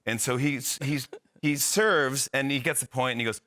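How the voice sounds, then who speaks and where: Guesting on a TV talk show in the studio, a man animatedly tells a comic anecdote, acting out the dialogue as he goes. His voice is medium-pitched at a moderate pace, and the recording is dry.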